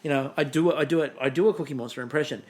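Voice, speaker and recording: A man co-hosting a relaxed podcast chat. He rambles from point to point with a wry, self-deprecating streak. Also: on the high side, very fast. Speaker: podcast co-host. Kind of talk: casual chat.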